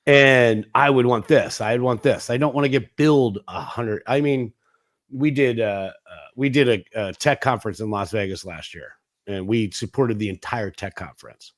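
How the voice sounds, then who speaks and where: A man's voice: mid-range voice, normal speed. Chatty man telling business anecdotes. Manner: rambling, anecdotal, acts out quoted dialogue; frequent restarts and fillers. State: coughing at times. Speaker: guest, 5G business internet provider. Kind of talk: casual interview talk.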